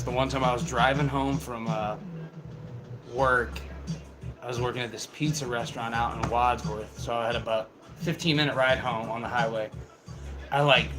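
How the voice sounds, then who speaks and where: With poor audio and music playing behind him, a young man in a medium-pitched voice casually tells meandering stories full of swearing. He keeps it relaxed and laughs a lot as he goes.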